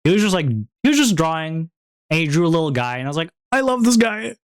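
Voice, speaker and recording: A man's voice: fairly high pitch, lively intonation, quick pace, smooth, no room sound. A young man chatting casually on a stream, rambling, repeating himself and laughing often. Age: young adult.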